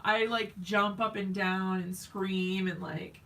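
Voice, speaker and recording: Woman, live-stream craft host, casual and giggly with the chat; bright voice, vocal fry. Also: mid-range voice, fairly even intonation, slow pace, hardly any pauses, slight background noise. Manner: chatty, giggly, talks to viewers in chat.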